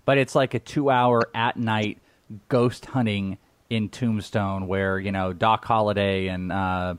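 A man's voice: on the low side, fairly even intonation, unhurried, clear, resonant tone, no echo. A man co-hosting a casual chat show, rambling, laughing often and restarting his sentences. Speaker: podcast co-host.

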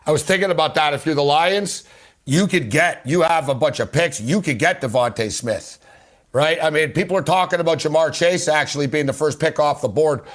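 A male sports talk radio host with a fairly high voice, talking fast and with animation. He argues his football takes hard and keeps calling his guest by name.

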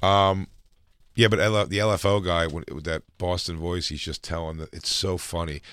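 A man with a low voice trades rambling, profane jokes in casual podcast banter. The sound is dry and close to the mic. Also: steady tone, moderate pace, a bit bright, clear, resonant tone, no room sound. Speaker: podcast co-host.

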